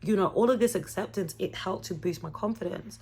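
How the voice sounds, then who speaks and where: A young woman in her twenties talking to camera in a chatty, expressive vlog with motivational, faith-based encouragement. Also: medium pitch, fairly quick, breathy edge. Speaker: vlogger.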